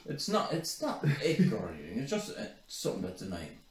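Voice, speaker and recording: A man's voice: mid-range voice, huge pitch swings, brisk, echoey room, a little hiss or hum. A man co-hosting a podcast in casual banter, swearing and hesitant, trailing off into mumbled asides. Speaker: podcast co-host.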